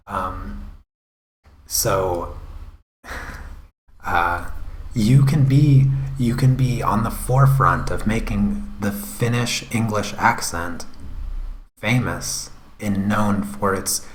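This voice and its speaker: Guy in his twenties, low-voiced, slow and rambling live-stream host, echoey room. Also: a little hiss or hum. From United States. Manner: rambling, halting, with many fillers and restarts. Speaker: art channel host. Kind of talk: casual live-stream chat.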